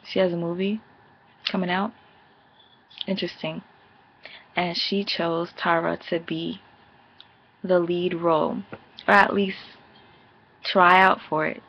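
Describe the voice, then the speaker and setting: A woman with a low, gravelly, slightly husky voice gives a casual, profane recap of a reality show. She is blunt and sassy and now and then mimics the cast members in animated bursts. The sound is dull and lo-fi, like a home recording. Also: unhurried, long pauses. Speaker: TV episode reviewer.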